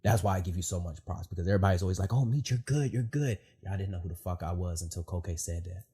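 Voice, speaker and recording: A man with a low, slightly husky voice hosts a podcast. He tells stories in an animated, emotional way, full of fillers and casual swearing. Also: rapid-fire. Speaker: podcast host. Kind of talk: casual heartfelt chat.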